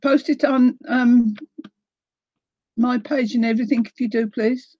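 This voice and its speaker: A woman's voice: a little high, fairly even intonation, measured pace, dark tone, no room sound, dull audio. An older woman from New Zealand with a New Zealand accent, hosting a craft livestream in casual chat, greeting viewers by name and laughing often.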